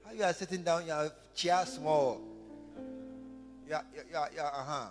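A man preaching a sermon through an interpreter, with an animated delivery that acts out little scenes. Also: a little high, fairly quick. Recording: echoey hall with faint music.

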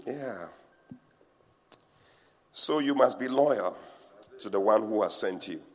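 A man preaching a sermon, animated and teasing, breaking into laughter and acting out what people say. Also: lowish voice, takes it slowly. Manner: animated preaching with laughter and mimicry of church talk. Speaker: pastor. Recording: reverberant hall.

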